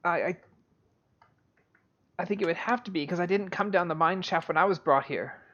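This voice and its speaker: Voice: medium pitch, normal speed, a bit bright, lo-fi sound, natural voice. A game master voicing a frightened female elf servant who stammers in panic during a tabletop game. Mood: panicked.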